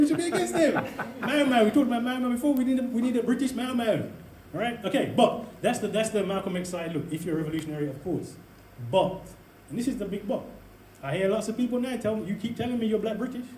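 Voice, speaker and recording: A man giving an impassioned talk to an audience, animated, full of rhetorical questions and laughing asides. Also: high voice, a little hiss or hum. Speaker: speaker addressing an audience. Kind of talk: impassioned lecture to a live audience. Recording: echoey room, voice from a distance.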